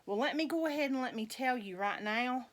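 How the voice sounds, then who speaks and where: A middle-aged woman, chatting with viewers in a slow, folksy, rambling way and laughing often. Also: high voice, a bit bright. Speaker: vlogger dressing reborn dolls. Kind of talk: rambling casual chat to viewers.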